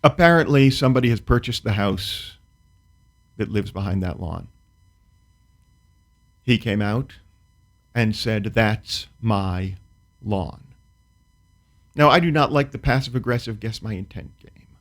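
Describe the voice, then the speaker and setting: A man's voice: fairly low pitch, unhurried, long pauses. A man, a comedian guest, telling a comic story in a dry, precise, wry way, then chatting casually about his work. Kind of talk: casual talk-show chat.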